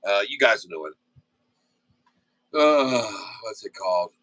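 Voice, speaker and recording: A man's voice: on the low side, expressive, slow pace, bright, forceful tone, no echo, rough recording. A man hosting a casual day-trading livestream, chatting in a folksy, rambling way full of fillers, asides and stock calls. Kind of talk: casual live-stream chat and stock commentary.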